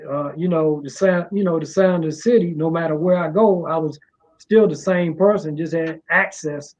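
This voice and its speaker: At a moderate pace and in a slightly mellow voice, a middle-aged music promoter from Washington, D.C. rambles casually through an interview. He has a slight drawl and keeps repeating fillers, and the audio is muffled and low-fidelity.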